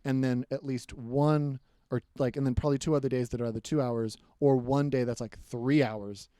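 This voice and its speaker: A man who is a comedian and teacher, chatting casually as a podcast guest, animated and quick to laugh, with rambling asides. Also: medium pitch, no echo, studio quality.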